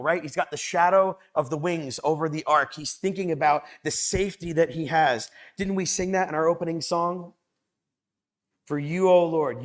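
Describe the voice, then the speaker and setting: Male Bible study speaker, 30s, higher-pitched, energetic delivery that swells on scripture readings. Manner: lively, swells loud when quoting scripture. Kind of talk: youth Bible study talk.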